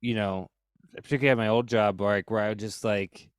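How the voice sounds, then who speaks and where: Low smooth-voiced man chatting loosely. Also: fairly quick, dry recording. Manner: relaxed, heavy on fillers like "like" and "you know". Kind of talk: casual podcast conversation.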